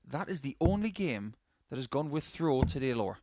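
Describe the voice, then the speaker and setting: A man's voice: medium pitch, big pitch swings, a little fast, a crowd in the background. A man doing live darts commentary, chatty and anecdotal, with jokey asides between throws.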